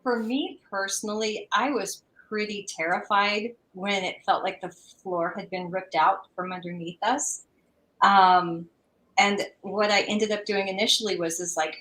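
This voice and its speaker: A woman's voice: medium pitch, fairly even intonation, unhurried, a bit bright, echoey room, rough recording. A woman guest in a casual interview on a video call, speaking in a heartfelt, reflective way.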